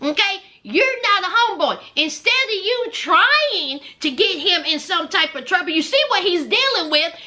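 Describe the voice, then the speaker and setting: A woman's voice: very high voice, lively intonation, moderate pace, few pauses, bright, forceful tone. A woman with a Southern US accent giving sassy, emphatic commentary on a reality show, speaking straight to her viewers. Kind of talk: casual commentary.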